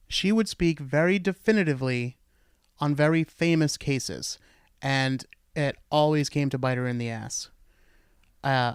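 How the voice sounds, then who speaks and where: A man's voice: fairly high pitch, smooth, no room sound, clean studio sound. Blunt, sarcastic man hosting a podcast. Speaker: podcast host. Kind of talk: solo podcast commentary.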